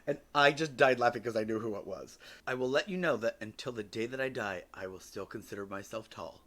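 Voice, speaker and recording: A man's voice: medium pitch, a little fast, fairly bright tone. A man in his forties, a podcast host telling personal stories in a candid, wry way with casual swearing.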